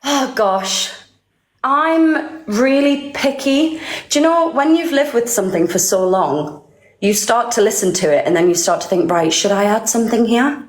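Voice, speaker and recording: A woman's voice: a little high, measured pace. A woman in her thirties, a singer being interviewed, chatting casually with a bubbly, giggly manner. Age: 30s. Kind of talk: casual live-stream chat. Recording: echoey room.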